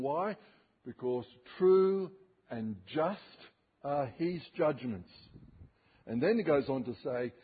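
A male preacher giving an expository sermon, reading scripture slowly and emphatically, with dramatic rises and drops in his voice. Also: mid-range voice, slightly rough. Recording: tinny phone-like sermon recording.

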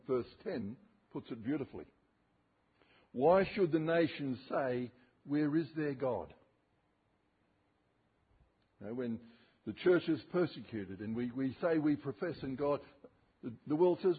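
A male preacher giving an expository sermon, reading scripture slowly and emphatically, with dramatic rises and drops in his voice. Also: mid-range voice, lively intonation, breathy edge. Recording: tinny phone-like sermon recording.

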